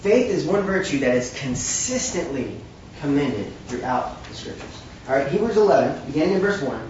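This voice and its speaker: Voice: mid-range voice, big pitch swings, normal speed, darkish tone, a little hiss or hum. A preacher giving an emphatic, conversational sermon with wry asides, recorded from a distance in a large room. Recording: very echoey, distant from the mic, dull.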